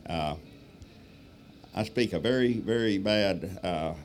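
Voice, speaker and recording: A man's voice: deep voice, takes it slowly, a little hiss or hum. A man telling a rambling, folksy story from the stage as a guest speaker. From Texas. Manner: folksy, rambling, lots of fillers. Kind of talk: storytelling talk.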